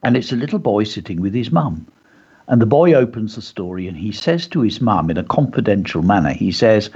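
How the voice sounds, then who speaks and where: A man's voice: lowish voice, brisk, breathy edge, dull audio. A man hosting a chatty show, telling anecdotes and reading out a short story of his own. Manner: chatty, animated, drops into character voices. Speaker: host. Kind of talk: casual chat and storybook reading.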